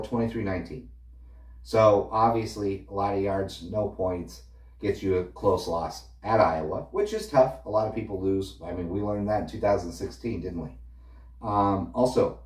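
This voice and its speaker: A man with a lowish voice rants about football, opinionated and dismissive as he rattles off numbers. He sounds a little off the mic in a roomy, echoing space. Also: a little mellow. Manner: opinionated, dismissive, stat-heavy. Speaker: sports fan ranting. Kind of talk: casual football rant. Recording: echoey room, a little far from the mic.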